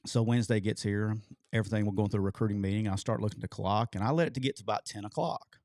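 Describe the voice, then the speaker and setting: A man, co-hosting a show and telling a long story in an animated way, swearing casually. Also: lowish voice, rapid-fire, dry recording. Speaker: co-host telling a coaching story.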